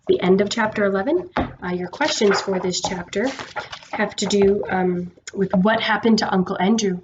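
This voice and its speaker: Woman reading a story aloud, mid-pitched, casual, slightly dull recording. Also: moderate pace, background noise. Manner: warm, conversational, with fillers. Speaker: teacher reading aloud to her class.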